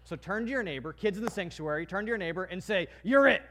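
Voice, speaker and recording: A man pastor giving a sermon with a prayer, earnest and emphatic, with swings from quiet prayer to loud exhortation. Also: sits high, quick pace.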